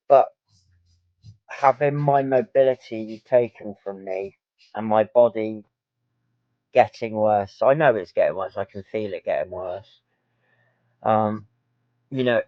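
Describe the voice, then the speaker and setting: A man's voice: on the low side, no room sound, lo-fi sound. A man talking frankly to camera in a personal vlog, rambling with many filler ums. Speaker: vlogger.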